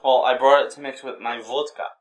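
A man's voice: mid-range voice, steady tone, fairly quick. A man co-hosting a podcast, laid-back and teasing, reading out news items in casual chat. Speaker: podcast co-host.

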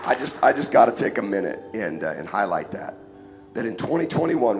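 A man preaching a casual, joking sermon in church, hoarse and sniffling from a cold, often calling for an amen. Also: fairly low pitch, sing-song, a little fast, a crowd in the background. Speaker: guest preacher. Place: church sanctuary. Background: music.

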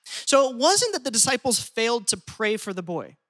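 Lively pastor preaching a sermon. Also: medium pitch, moderate pace. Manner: lively, shifts pace often, acts out quoted speech.

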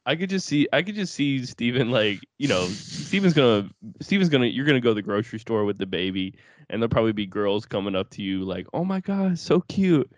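A man's voice: fairly low pitch, expressive, quick pace, no echo. A young man co-hosting a podcast in casual chat, teasing his friend and asking follow-up questions. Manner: teasing, asks follow-up questions, laughs often. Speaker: podcast co-host.

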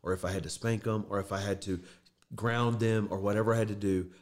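A man's voice: fairly low pitch, fairly even intonation, fast. A middle-aged man hosting a podcast, talking earnestly about faith and getting emotional as he tells a personal story. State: choked up. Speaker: podcast host. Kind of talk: casual faith talk.

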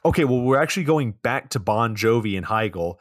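A man's voice: medium pitch, lively intonation, fairly quick, no room sound, studio quality. A man co-hosting a podcast, casually summarizing a movie's plot scene by scene and swearing now and then. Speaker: podcast co-host. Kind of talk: casual movie recap chat.

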